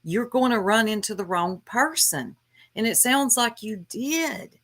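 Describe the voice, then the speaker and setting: Woman streamer ranting real slow, scolding, bright sharp voice. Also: a little high, lively intonation. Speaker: livestream host. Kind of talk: casual livestream commentary.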